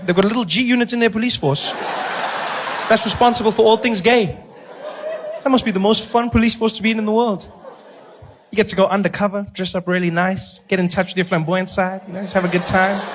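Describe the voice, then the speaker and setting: A man from South Africa with a South African accent, doing stand-up comedy, telling stories in an animated way and laughing at his own jokes. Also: sits high, slight background noise.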